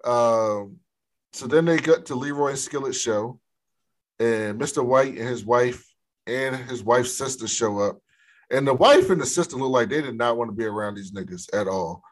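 This man's voice is medium in pitch and moderately paced, with a little hiss or hum in the recording. As a podcast co-host, he breezily goes over a movie scene by scene, cursing and laughing throughout.

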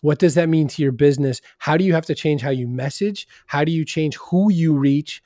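Middle-aged guy from maine, animated storyteller, mellow tone, dry close sound. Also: a little high, a little fast, dry recording. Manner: animated storyteller, acts out quotes in lively voices. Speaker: podcast guest, marketing consultant. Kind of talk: conversational interview.

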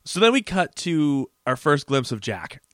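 A man's voice: a little high, unhurried, dry recording, studio quality. A man co-hosting a podcast, casually recapping a TV episode and acting out the characters' lines. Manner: animated retelling, acts out quotes in character voices. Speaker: podcast co-host.

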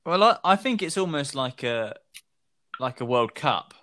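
A man's voice: mid-range voice, big pitch swings, a little slow, bright, forceful tone, dry recording. A man co-hosting a podcast, hesitant and self-deprecating in casual chat. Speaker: podcast co-host.

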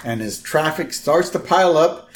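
A man's voice: fairly high pitch, animated, normal speed, slight background noise. A man co-hosting a podcast, casually retelling a cartoon episode scene by scene and tossing in quoted lines. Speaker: podcast co-host.

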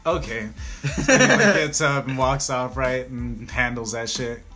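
Bright-voiced swearing young guy. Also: mid-range voice, lively intonation, unhurried, faint music behind. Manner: rambling, laughing, swears a lot, many fillers. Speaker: restaurant worker telling a story. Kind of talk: casual storytelling chat.

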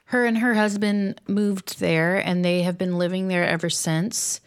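Woman with a lowish conversational voice. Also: fairly even intonation, unhurried, clean tone. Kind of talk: casual chat.

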